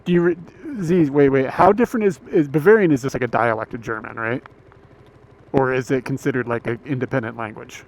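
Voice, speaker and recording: A man's voice: mid-range voice, brisk, darkish tone, low-quality recording. An American man in his thirties, hosting a livestream from a moving car, chatting casually with his viewers in a rambling, laid-back way. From United States. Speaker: livestream host. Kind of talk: casual chat with stream viewers. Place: inside a moving car on a road.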